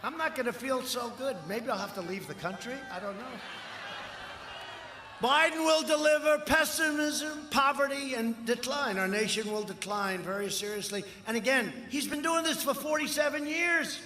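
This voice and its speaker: At a large outdoor rally, a man in his seventies running for office delivers a rambling, repetitive speech peppered with mocking asides. His voice is extremely high and sharp at a normal speed. The rally sound system makes it echoey, with long reverb and faint noise.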